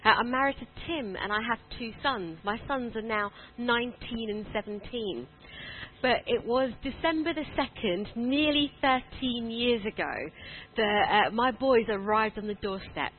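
A woman in her forties with a southern English accent, preaching a sermon and telling a personal story in a lively, self-deprecating way. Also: a little high, normal speed. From southern England. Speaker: guest preacher. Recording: tinny phone-like sound.

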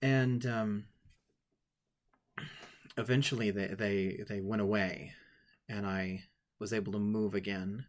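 A man telling a personal story with many halting restarts, tearful at times, then guiding listeners through a writing exercise. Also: fairly low pitch, fairly even intonation. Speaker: writing workshop leader.

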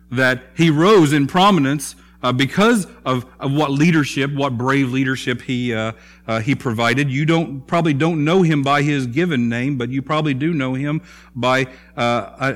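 A man preaching a sermon in a conversational way, often pausing with fillers and restarting his phrases. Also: mid-range voice, a bit bright. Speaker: pastor.

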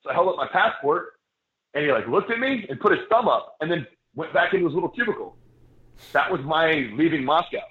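A man's voice: on the high side, expressive, brisk. A man, a wrestler guest on a casual podcast, telling a long rambling story with many fillers and restarts. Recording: echoey, phone-like lo-fi sound.

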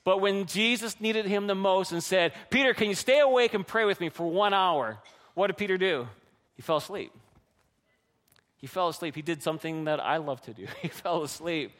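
Male pastor, high voice, children's sermon with acted-out quotes, long hall reverb. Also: normal speed. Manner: animated storytelling, acts out quotes.

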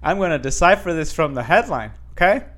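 A man's voice: a little high, expressive, brisk, fairly bright tone. Rambling man chatting to viewers. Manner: rambling with many restarts and fillers; talks straight to viewers. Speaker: vlogger. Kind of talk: casual chat reading news headlines.

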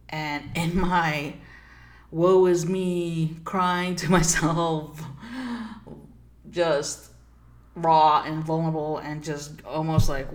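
Low-pitched female host, earnest and reflective, for a spiritual self-help monologue. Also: steady tone, slow pace. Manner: earnest, reflective, laughs between phrases. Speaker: spiritual coach and podcast host. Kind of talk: personal storytelling monologue.

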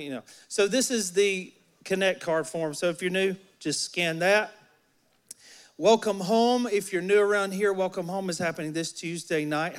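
In a church sanctuary, an Alabama pastor with a Southern accent preaches a sermon in a fairly high, slightly bright voice. He's folksy and jokes with the congregation.

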